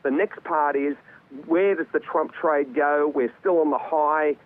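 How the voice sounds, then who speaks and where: A man giving live market commentary as a guest over a remote link, conversational with many fillers and repeated words. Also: a little high. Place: remote link from another city. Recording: tinny phone-like remote line.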